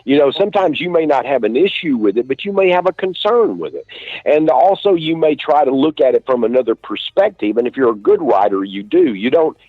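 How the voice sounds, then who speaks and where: A man with an East Texas accent, an author being interviewed, telling stories in a relaxed drawl with many restarts. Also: on the high side, a little fast, no room sound. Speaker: author guest. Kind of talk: casual interview talk. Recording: dull lo-fi dry stream audio.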